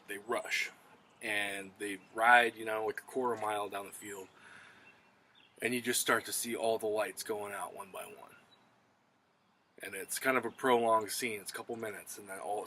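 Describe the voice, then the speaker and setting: A man reviewing TV episodes on his own, retelling the plot in an excited, profane, casual way with quick quoted asides. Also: mid-range voice, slight background noise.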